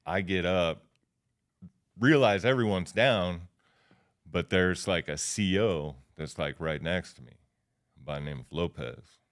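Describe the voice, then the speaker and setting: Very deep, smooth-voiced man telling stories. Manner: loose, slangy storytelling with many fillers. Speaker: guest. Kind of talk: casual storytelling.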